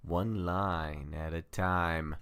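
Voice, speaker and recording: A man's voice: deep voice, steady tone, drawn-out words, loud music behind the voice. A man hosting a comedy podcast, chatting playfully and bantering with his co-hosts. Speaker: podcast host. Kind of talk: casual comedic chat.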